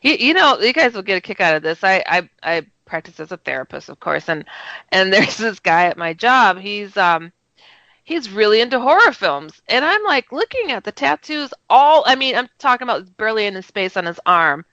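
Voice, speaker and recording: A woman co-hosting a radio talk show tells stories animatedly in casual chat, laughing often and acting out voices and dialogue. Her voice is medium-pitched at a normal speed, in a dry, lo-fi recording.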